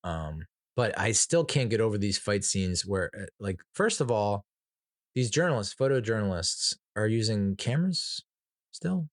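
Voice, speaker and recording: A man's voice: on the low side, big pitch swings, measured pace, no echo, studio quality. A man hosting a podcast, casually reviewing a film in a rambling, profane way with many fillers and restarts and chuckling at his own jokes. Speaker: movie reviewer, podcast host. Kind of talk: casual movie review chat.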